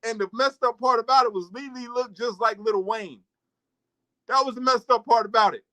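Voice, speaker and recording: A man's voice: very high voice, normal speed, rough recording. A man casually telling a laughing, profane story about his past on a chat show. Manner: laughs through stories, swears, animated storytelling. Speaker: podcast co-host.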